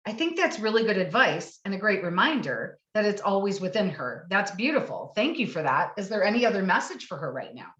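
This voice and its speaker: A woman hypnosis practitioner gently and affirmingly recounting a past session. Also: medium pitch, very animated, fairly quick, few pauses. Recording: roomy, distant, dull lo-fi sound.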